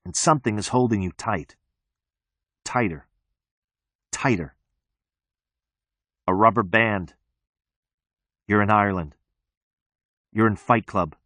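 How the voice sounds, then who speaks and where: A man with a low voice narrates a novel in the first person. His reading is tense and measured. The sound is dry and close to the mic. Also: fairly bright tone, no room sound. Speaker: audiobook narrator.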